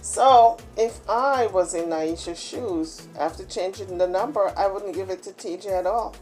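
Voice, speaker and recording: A woman's voice: medium pitch, a little slow, darkish tone, soft background music. A woman hosting a channel, giving opinionated commentary on a family dispute. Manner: opinionated, emphatic. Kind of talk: gossip commentary.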